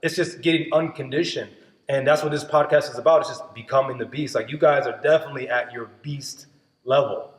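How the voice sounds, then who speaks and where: A man's voice: medium pitch, steady tone, brisk. A man hosting a casual podcast chat, talking loosely with lots of fillers. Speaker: podcast host. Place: gym. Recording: roomy reverberant hall.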